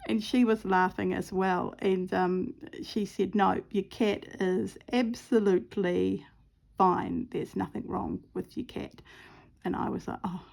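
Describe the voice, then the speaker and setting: Chatty middle-aged woman, gravelly edge. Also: mid-range voice, fairly even intonation, a little slow, a little mellow. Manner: rambling, chatty storytelling with many ums. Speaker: craft vlogger. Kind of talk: casual chat while stitching.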